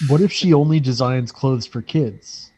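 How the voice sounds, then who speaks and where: A man co-hosting a casual podcast, cracking deadpan jokes. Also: mid-range voice, measured pace, dull audio, a loud crowd. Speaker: podcast co-host. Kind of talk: casual chat.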